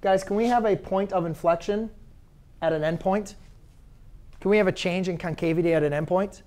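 A man's voice: high voice, normal speed, darkish tone. Man teaching a math class. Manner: conversational, asks students questions, self-correcting. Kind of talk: classroom lecture.

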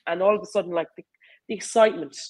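A woman with an Irish accent chats in an easy, animated way as an interview guest. Her speech runs on with fillers and quick asides as she tells stories. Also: fairly low pitch, low-quality recording. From Ireland. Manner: animated, chatty, lots of fillers. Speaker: rugby player and coach, guest. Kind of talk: casual conversational interview.

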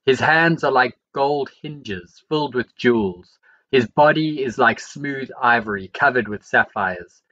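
A man reading the Bible aloud, verse by verse, in a steady and measured way. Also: medium pitch, highs cut off. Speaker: Bible reader.

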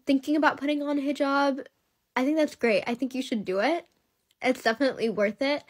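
A young woman talking to camera in a casual, heartfelt way, emotional and close to tears, rambling with lots of likes and ums. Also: on the high side. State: tearful. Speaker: social media creator.

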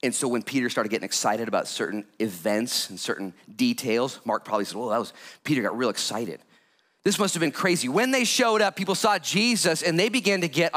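A male pastor delivering a sermon with lots of energy. He jokes with the congregation and jumps from calm explanation to sudden loud, excited bursts. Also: medium pitch, brisk, few pauses. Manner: animated, jokey preaching with sudden loud bursts.

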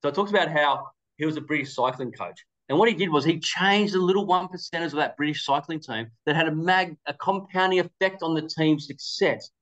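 Fast-talking man telling stories. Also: fairly high pitch, poor audio. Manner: animated anecdotal storytelling with quoted dialogue. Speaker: webinar presenter. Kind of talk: storytelling presentation.

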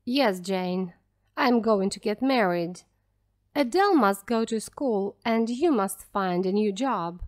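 A woman voicing a grown male gentleman who speaks earnestly and gently, in a storybook read for English learners. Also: mid-range voice, expressive, takes it slowly. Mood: tender.

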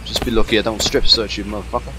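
A man's voice: on the low side, fairly even intonation, quick pace, noisy background. A man giving comedic, swearing gameplay commentary in a cocky, mock-tough tone. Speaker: gaming commentator.

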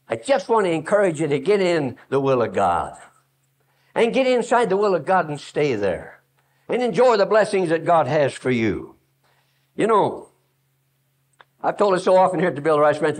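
A man preaches to young people at camp, hammering his points through repetition and story. His voice sits high and rises and falls sharply as he presses each line. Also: big pitch swings, moderate pace. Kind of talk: sermon.

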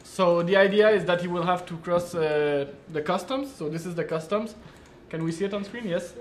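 A man's voice: high voice, normal speed, echoey room, slight background noise. A man hosting a live game-design stream, thinking aloud and laughing often. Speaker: game developer and stream host.

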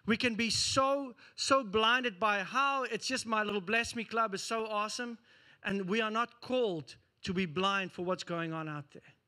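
A man preaching a sermon as pastor, telling a story with lively acted-out scenes. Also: high-pitched, moderate pace. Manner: animated storytelling, acting out scenes.

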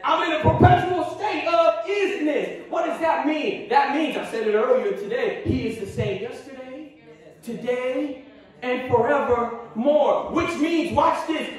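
High-voiced preaching man in echoey church. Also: a little slow, recorded from a distance. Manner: impassioned preaching with repetitions and call-and-response. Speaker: pastor. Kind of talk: sermon. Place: church sanctuary.

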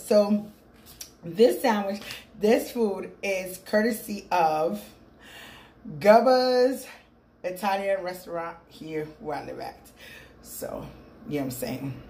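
A woman's voice: medium pitch, expressive, slow, pauses often, warm tone. Chatty middle-aged woman vlogging at home. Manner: rambling and chatty, calls viewers "people". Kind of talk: casual mukbang vlog chat. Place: room at home. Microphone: phone with small clip-on mic. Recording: echoey room, faint background hum.

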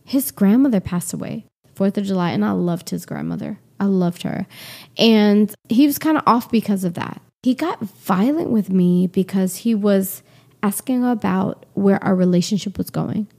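A woman in her forties, a guest on an interview show, telling a personal story in an animated way and acting out what people said. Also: medium pitch, moderate pace, creaky. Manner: animated, acts out quoted dialogue.

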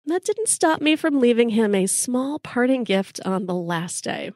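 A woman's voice: fairly high pitch, expressive, a little slow, darkish tone, no echo, clean studio sound. A middle-aged woman, hosting a podcast and telling a comic story with wry timing. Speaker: podcast host.

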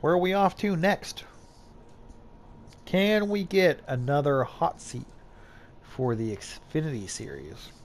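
A man's voice: a little high, lively intonation, slow pace, pauses often, slight background noise. A man giving casual gameplay commentary as a YouTuber, hyped and joking at himself. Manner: hyped, self-mocking banter. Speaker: gaming YouTuber.

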